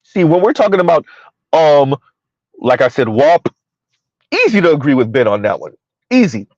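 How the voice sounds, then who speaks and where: A man's voice: on the high side, very animated, normal speed, dry recording, dull audio. Heated man ranting to his viewers. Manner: heated, repetitive, rhetorical questions to viewers. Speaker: commentary channel host. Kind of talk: ranting commentary.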